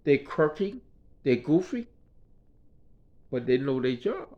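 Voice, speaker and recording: This man, a vlogger lying in a hospital room, casually rambles about his time as a patient and keeps asking "you know what I mean." His mid-range voice is very animated yet slow, captured in dull lo-fi sound.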